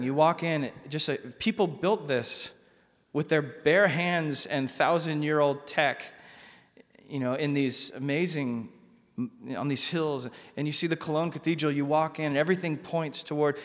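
Man, pastor, lively conversational sermon, slightly high voice, long church reverb. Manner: conversational, animated preaching with repetitions.

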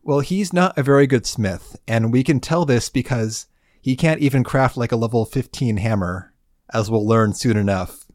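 A man co-host leads a casual podcast chat, moving the talk along with steady, wry remarks. His voice sits at a middling pitch for a man. It is recorded close and dry. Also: normal speed, dry recording. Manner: steady, wry, guides the talk and reads quest lines. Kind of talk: casual gaming chat, leading the walkthrough.

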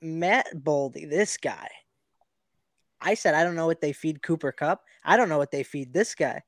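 A man co-hosting a casual sports podcast over a video call, talking in a halting, hesitant way. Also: a little high, no room sound. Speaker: podcast co-host.

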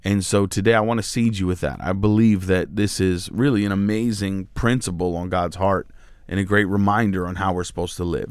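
Low-voiced pastor preaching casually. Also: male voice, fairly even intonation, brisk, smooth, dry recording, studio quality. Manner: casual, conversational preaching with filler words. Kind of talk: devotional sermon.

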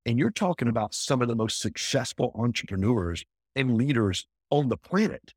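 A man talking as an entrepreneur guest in a casual interview, emphatic and energetic, often repeating himself. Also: medium pitch, moderate pace, husky, no echo, clean studio sound.

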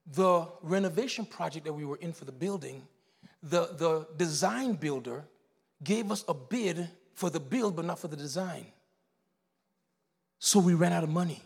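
A man, preaching a sermon as pastor, telling a story in hushed tones and building to shouted exhortation. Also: on the high side, normal speed, gravelly, breathy edge, in a large hall.

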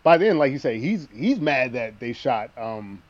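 Male co-host, relaxed and chuckling, casual film talk, slightly muffled lo-fi mic. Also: mid-range voice, normal speed. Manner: relaxed, laughs while retelling scenes. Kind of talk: casual movie discussion.

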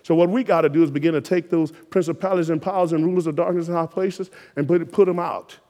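High-voiced preacher exhorting his congregation. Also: fairly even intonation, fast. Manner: exhorting, call-and-response rising to shouted emphasis. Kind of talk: sermon.

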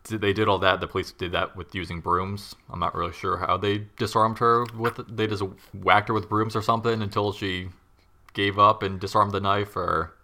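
Male co-host, deep and gravelly, loose rambling true-crime storyteller. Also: little pitch movement, moderate pace, sharp tone. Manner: rambling, lots of "like" and restarts, wry asides. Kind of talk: casual storytelling chat.

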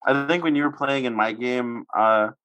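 A man's voice: medium pitch, normal speed, bright, forceful tone, no room sound, low-quality recording. A man chatting casually on a podcast about role-playing with his table, giggly and chatty. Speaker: player.

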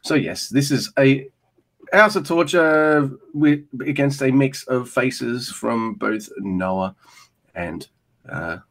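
A man co-hosting a podcast, recapping a wrestling match in a rambling, profane, animated way. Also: mid-range voice, slow, soft background music. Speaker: podcast co-host. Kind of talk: casual wrestling recap chat.

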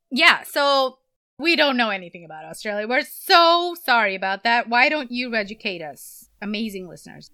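Woman, podcast host, casual chat, playful, bright tone, dry close sound. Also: fairly high pitch, expressive, dry recording. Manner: playful, laughing, quick asides.

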